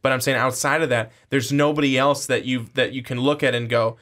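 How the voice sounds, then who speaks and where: Rambling, halting male sports co-host. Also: medium pitch, fairly even intonation, a bit bright. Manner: rambling, halting, restarts sentences. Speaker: podcast co-host. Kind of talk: casual sports podcast chat.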